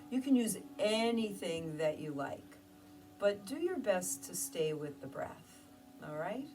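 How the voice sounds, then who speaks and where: A woman teaching meditation, guiding her listeners through breathing with gentle, slow instructions and soft pauses. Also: mid-range voice, animated. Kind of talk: guided meditation. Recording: distant mic with music behind. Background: soft music.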